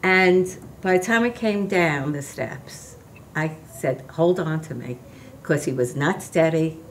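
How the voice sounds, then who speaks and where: A woman's voice: low voice, takes it slowly, a little hiss or hum. Older woman telling a story on a talk show. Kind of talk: casual chat.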